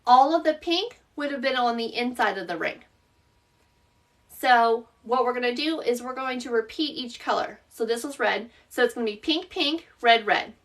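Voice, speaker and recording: High-voiced Southern woman hosting a craft live. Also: normal speed, distant mic. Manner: chatty, explains steps while working and answers viewers by name. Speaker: craft shop owner hosting a live tutorial. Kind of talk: live-stream craft tutorial.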